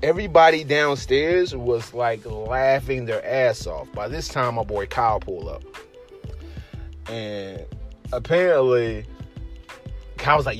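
A man, a podcast host, telling a story casually, slangy and animated, acting out his friends' lines. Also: mid-range voice, measured pace, faint music behind.

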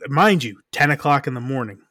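A man's voice: medium pitch, animated, bright, forceful tone, dry recording, clean studio sound. A married man co-hosting a podcast, telling a meandering anecdote in casual chat. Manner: meandering, halting with fillers. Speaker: podcast co-host.

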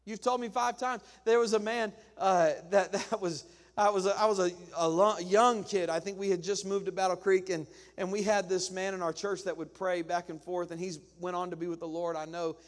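High-voiced preacher in a reverberant church. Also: male voice, level tone, a little fast. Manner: conversational preaching with humorous acted-out quotes. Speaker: pastor. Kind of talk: sermon. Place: church sanctuary.

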